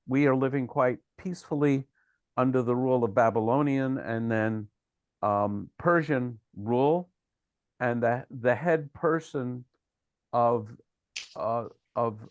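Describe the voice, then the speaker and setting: A man's voice: mid-range voice, no room sound. A man leading a study session, explaining terms at length and correcting pronunciation, with frequent fillers. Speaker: teacher leading the discussion.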